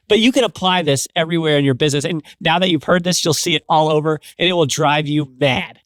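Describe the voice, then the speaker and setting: A man guesting on an interview show, telling stories in an energetic, repetitive, casual way. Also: a little high, quick pace, few pauses, no room sound, studio quality. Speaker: guest, business executive.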